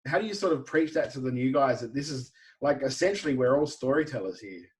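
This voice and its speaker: Casual Australian podcast host. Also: male voice, medium pitch, expressive, fast, a little mellow. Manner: casual, rambling questions. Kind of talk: podcast interview.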